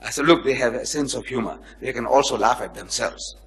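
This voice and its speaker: Brisk and mid-pitched with vocal fry, the speaker is a comparative religion lecturer giving a public talk. Animated, he acts out the figures in his stories and trades jokes with his audience, chiding them along the way.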